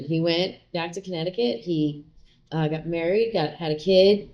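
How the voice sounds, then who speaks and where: A woman's voice: low-pitched, steady tone, normal speed, warm tone. A middle-aged woman, a guest in a casual interview, telling a personal story in a chatty way, full of fillers and quoted dialogue.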